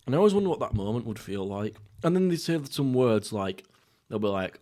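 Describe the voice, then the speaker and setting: A young man from England hosting a casual solo podcast while eating, rambling through jokey, crude, deadpan stories. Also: on the low side, brisk. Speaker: podcast host. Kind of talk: casual solo mukbang chat.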